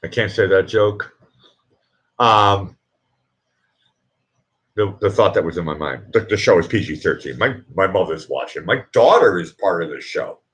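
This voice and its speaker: A middle-aged man hosts a casual live stream, his low, animated voice a bit bright as he talks at normal speed with long pauses. He rambles and interrupts himself while chatting with viewers, chuckling at his own jokes.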